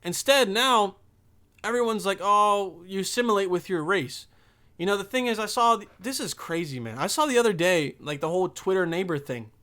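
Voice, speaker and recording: A man's voice: high-pitched, lively intonation, a little fast, fairly bright tone. A young man hosting a podcast, talking in a loose, rambling and profane monologue. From Bosnia. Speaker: podcast host.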